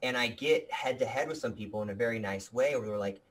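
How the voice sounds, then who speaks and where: A man's voice: medium pitch, fast. A man being interviewed about his video production company, talking with energy and earnestness, often restarting his sentences. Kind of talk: casual interview talk.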